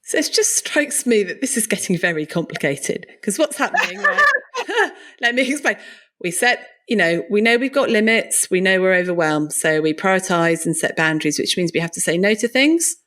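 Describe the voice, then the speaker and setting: A woman hosting a podcast chats with her guest, reflecting out loud and laughing now and then. Her delivery is animated and her voice has a middle pitch for a woman. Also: moderate pace. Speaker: podcast host. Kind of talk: conversational podcast interview.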